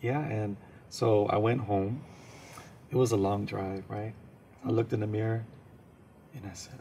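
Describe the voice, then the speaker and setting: A man's voice: on the low side, normal speed, gravelly, long pauses, a little hiss or hum. A man, a comedian, telling a story as an interview guest and acting out the scenes. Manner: animated, acts out scenes and voices.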